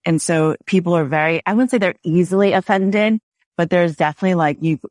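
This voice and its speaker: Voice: mid-range voice, fairly quick, a little mellow, no echo. Podcast host, conversational and reflective; mid-range voice, dry close-miked recording. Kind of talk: casual conversation.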